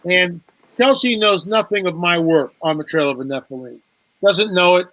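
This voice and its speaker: A man's voice: sits high, normal speed, fairly bright tone, no room sound, poor audio. A man, a guest author on a talk show, telling a story with animation, repeating words and acting out quoted dialogue.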